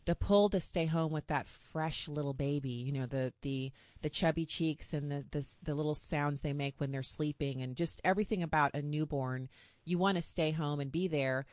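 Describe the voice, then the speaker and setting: A woman host asking long, animated, storytelling questions in an interview. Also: low-pitched, moderate pace, dry recording.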